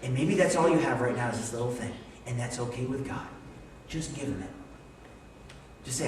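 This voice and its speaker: A man in his forties preaching a sermon, animated and acting out quoted voices as he goes. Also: medium pitch, moderate pace, pauses often, a little hiss or hum. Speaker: pastor. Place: church sanctuary. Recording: echoey church hall mic from a distance.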